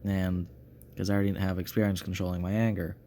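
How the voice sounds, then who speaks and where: A man's voice: deep voice, flat delivery, mellow, slight background noise. A man voicing a laid-back young male slime hero who is cheeky and defiant, talking casually with lots of fillers. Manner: casual, halting, full of fillers.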